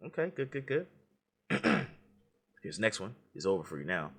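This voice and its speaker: A man's voice: low-pitched, sing-song, moderate pace, fairly bright tone, slightly rough. A man co-hosting a casual podcast, running a movie quote quiz with a playful, teasing manner. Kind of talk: casual chat.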